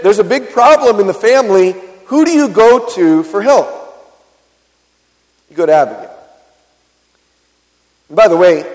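A man with a high voice preaches a sermon in a church sanctuary, keeping it conversational and throwing frequent questions to the congregation. His voice carries the long reverb of a large hall. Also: darkish tone. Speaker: pastor.

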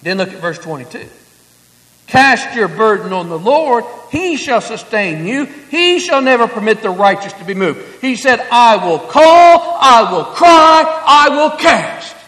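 Man preaching, very high voice, hushed then booming, roomy hall reverb. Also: very animated, unhurried. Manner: swings from hushed low tones to loud emphatic preaching. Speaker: pastor. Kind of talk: sermon. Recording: echoey hall.

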